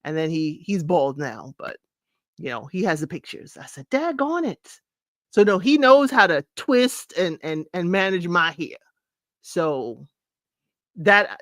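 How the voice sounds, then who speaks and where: A woman's voice: fairly low pitch, fairly bright tone, no echo, studio quality. A middle-aged woman hosting a casual talk show, chatting about music, singing bits of songs and laughing often. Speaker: podcast host. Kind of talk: casual chat counting down music.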